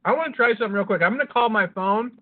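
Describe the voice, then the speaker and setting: A man's voice: high voice, rapid-fire. A man co-hosting a podcast, telling a rambling story in a casual chat, swearing constantly and laughing at his own jokes. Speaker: podcast co-host. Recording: phone-like lo-fi audio.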